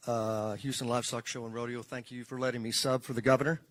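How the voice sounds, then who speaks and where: Man, government advisor, ceremony speech, folksy, joking, podium mic, indoor hall, mid pitch. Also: level tone, quick pace, a bit bright. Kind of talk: public speech.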